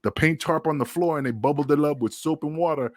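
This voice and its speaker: A man's voice: fairly high pitch, fast talker, no room sound, clean studio sound. Middle-aged man spinning profane war stories. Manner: profane, rambling war-story telling. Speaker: retired pro wrestler guest. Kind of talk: casual podcast chat.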